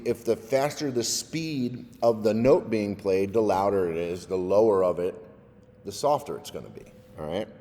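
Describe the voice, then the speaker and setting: A male music technology teacher casually walking through a software drum tutorial step by step, often checking in with "all right?". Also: on the low side, long reverb tail. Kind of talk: screen-recorded software tutorial.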